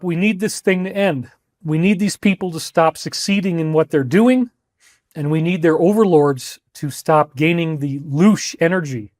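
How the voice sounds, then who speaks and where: A man's voice: high-pitched, darkish tone, dry recording, clean studio sound. A man giving an emotional, rambling lecture to an audience, intense and pleading.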